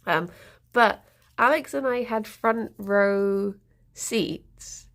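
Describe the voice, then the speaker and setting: A woman's voice: medium pitch, drawn-out words, a bit bright. Woman, casual livestream chat, giggly, talks sweetly to her pets. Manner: chatty and giggly, cooing to pets. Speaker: livestream host.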